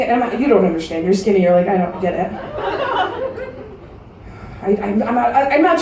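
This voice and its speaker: A woman in her thirties doing a crude stand-up comedy set, delivering brash, deadpan punchlines to a live audience in a large casino showroom. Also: sits high, recorded from a distance, slight background noise. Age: 30s. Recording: roomy live-venue recording from afar.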